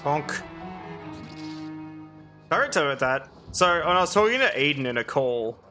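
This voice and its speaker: A man's voice: on the high side, very animated, normal speed, pushed and bright, soft background music. A young man from Canada giving casual gameplay commentary as a streamer, laughing often and swearing freely.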